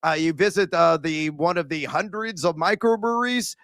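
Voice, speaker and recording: Bright, punchy sports radio host. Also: male voice, fairly high pitch, moderate pace, dry recording. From Central Illinois. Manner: rambling, jokey, many "uh" fillers. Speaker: sports betting show host. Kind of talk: casual sports talk.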